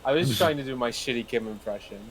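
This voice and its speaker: A man's voice: medium pitch, fast talker. A man chatting casually as a co-host on a live stream, laid-back and joking. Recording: clear background noise.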